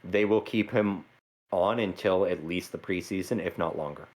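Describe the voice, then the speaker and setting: A man co-hosting a casual sports podcast, calm and explanatory, with fillers. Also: low-pitched, moderate pace. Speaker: podcast co-host.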